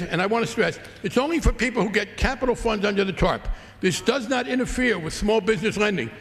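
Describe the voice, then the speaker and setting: Sarcastic high gravelly congressman. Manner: combative, sarcastic rebuttal. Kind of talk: floor debate speech. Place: large legislative chamber. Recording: long reverb of a large chamber.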